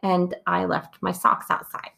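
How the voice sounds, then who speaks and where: A woman's voice: lowish voice, level tone, measured pace, creaky, bright, forceful tone. A woman co-hosting a podcast in casual chat, rambling along with lots of "like". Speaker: podcast co-host.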